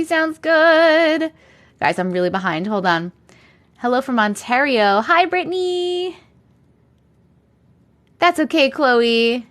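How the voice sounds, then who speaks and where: A woman's voice: on the high side, fairly bright tone. A young woman hosting a livestream, chatting casually and greeting viewers by name with frequent giggles. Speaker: host reading viewer comments on a livestream.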